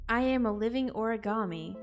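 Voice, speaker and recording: A woman reading the lines of a meek, shy sleep demon creature in a flat, slightly lower, guilty-sounding voice for a game. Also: brisk, music in the background, close to an everyday voice. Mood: deadpan.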